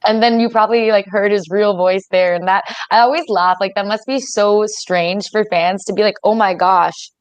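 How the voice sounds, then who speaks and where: A woman's voice: medium pitch, moderate pace, hardly any pauses, clean tone, dry recording. A young Canadian woman in her twenties, a wrestler chatting candidly in an interview and laughing often. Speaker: wrestler guest. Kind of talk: casual interview chat.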